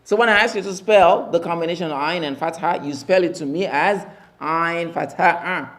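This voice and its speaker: A man teaching Arabic letters in a mosque class, slowly drilling each sound and repeating the spelling emphatically. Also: fairly high pitch, a bit bright. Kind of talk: classroom lesson.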